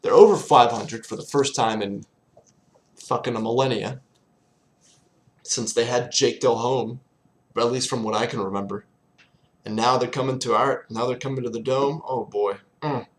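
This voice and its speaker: A man's voice: medium pitch, moderate pace, long pauses. A young man ranting in a casual vlog, exasperated, sarcastic and swearing often. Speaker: sports fan vlogger.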